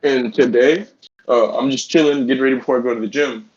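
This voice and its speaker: A man talking fast on a casual podcast, telling a heated story full of profanity. His voice sits in an ordinary middle pitch. The audio is dull and lo-fi. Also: steady tone, darkish tone. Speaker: podcast co-host.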